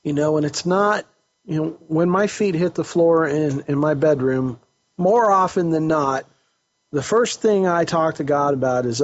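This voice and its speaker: A man's voice: on the high side, measured pace. A man hosting a casual talk about faith as a counselor, earnest and often restarting his phrases as he searches for words. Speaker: counselor host. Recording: dull lo-fi recording.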